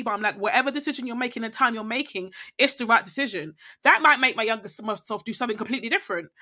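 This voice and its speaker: A woman's voice: fairly high pitch, bright, forceful tone. A young woman who is a podcast guest, talking reflectively and rambling, often checking in with the listener. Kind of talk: reflective casual conversation.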